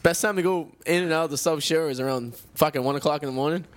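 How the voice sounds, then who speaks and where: A man's voice: on the high side, fast talker. A man co-hosting a radio show, telling stories in profane, casual banter. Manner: profane, laughing, storytelling.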